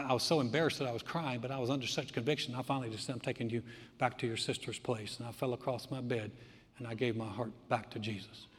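Older preacher in a reverberant hall. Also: male voice, medium pitch. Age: 60s. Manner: conversational, animated storytelling with quoted asides. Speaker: pastor. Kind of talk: sermon storytelling.

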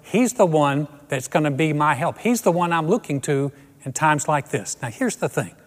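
A man's voice: on the high side, animated, moderate pace. Earnest male preacher in a reverberant hall. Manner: conversational, earnest, repeats phrases for emphasis. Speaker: pastor. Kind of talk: sermon.

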